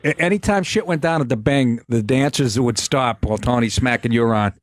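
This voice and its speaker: A man's voice: mid-range voice, a little fast, no echo. A man hosting a podcast, chatting casually, laughing often and swearing freely. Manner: animated storyteller, profane, laughs often. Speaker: podcast host. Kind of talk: casual chat.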